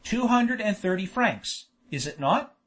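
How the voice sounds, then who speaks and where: A man's voice: sits high, big pitch swings, unhurried, fairly bright tone, exaggerated voice. A man reading an audiobook, voicing a polite but commanding male army captain. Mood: calm. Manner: firm, courteous.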